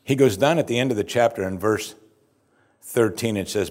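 A man preaching a sermon as pastor, earnest and emphatic, often dropping his voice to a hushed close. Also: medium pitch, expressive, a little fast.

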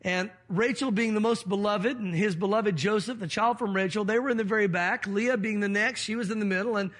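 A man's voice: sits high, steady tone, fairly quick, a bit bright. A man preaching a sermon, explaining scripture and acting out the quoted voices of the people in the story. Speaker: pastor.

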